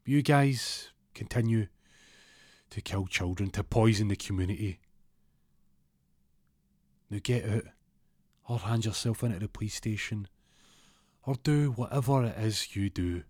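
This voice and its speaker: Man playing a man, calm, defiant, measured, low voice. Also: no room sound, clean studio sound. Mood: resolute. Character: calm, defiant man who outwitted gangsters.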